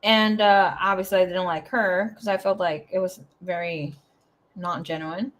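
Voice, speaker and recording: A young woman giving a casual live tarot reading, rambling through personal asides with plenty of swearing and sudden swings between loud bursts and quiet mumbling. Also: lowish voice, steady tone, measured pace. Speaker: tarot reader.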